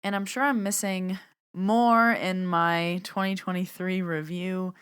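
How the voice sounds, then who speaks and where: A woman's voice: lowish voice, flat delivery, unhurried, a bit bright, smooth. A woman hosting her own podcast, chatting through a reflective, heartfelt year-end recap as a medium and teacher.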